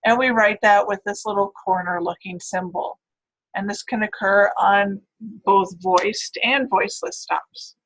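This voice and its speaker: A woman's voice: mid-range voice, fairly even intonation, unhurried, a bit bright, low-quality recording. A woman giving a recorded phonetics lecture, explaining step by step and checking in with "right?" and "all right.".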